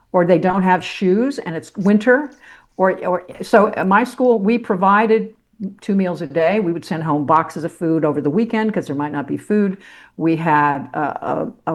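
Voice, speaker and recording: Blunt, salty older woman storyteller. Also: on the low side. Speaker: guest, former sportscaster turned teacher. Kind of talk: candid personal storytelling.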